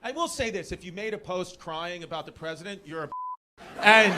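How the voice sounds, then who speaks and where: High-voiced New comic on stage. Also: male voice, expressive, measured pace. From New York. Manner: rambling, self-deprecating, teasing the crowd. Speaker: stand-up comedian. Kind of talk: live stand-up comedy. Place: comedy club stage. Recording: live club, loud audience and room noise.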